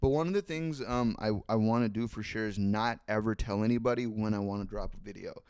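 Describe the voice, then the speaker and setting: A man's voice: fairly low pitch, fairly quick, a little mellow, clear, resonant tone, dry recording, clean studio sound. A young man in his twenties hosting a solo podcast, thinking aloud in a rambling way and swearing freely into a microphone. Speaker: podcast host. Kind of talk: casual solo podcast monologue. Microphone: studio microphone.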